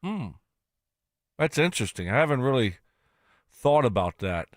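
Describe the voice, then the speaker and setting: A man's voice: mid-range voice, big pitch swings, moderate pace, no room sound, clean studio sound. A man co-hosting a casual sports talk radio show, easygoing and rambling as he tells stories. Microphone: studio broadcast mic.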